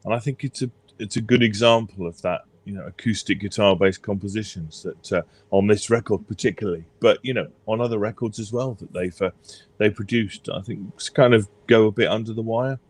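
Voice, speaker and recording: A man, co-hosting a casual album review chat, rambling and hesitant. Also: lowish voice. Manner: rambling, hesitant, laughs easily. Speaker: podcast co-host.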